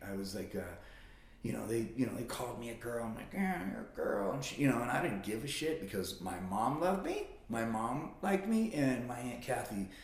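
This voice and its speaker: Animated, swearing man telling stories. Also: a little fast. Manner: swearing, animated storytelling with high-pitched impressions of family. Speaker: guest telling childhood stories. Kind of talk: casual conversation. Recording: roomy echo.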